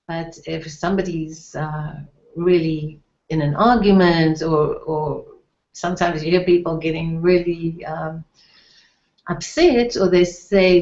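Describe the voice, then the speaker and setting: Lady teaching vocab real slow, lowish voice, echoey dull-sounding room. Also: steady tone, darkish tone. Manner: slow, careful repetition of phrases. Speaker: Hebrew teacher. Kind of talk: language lesson.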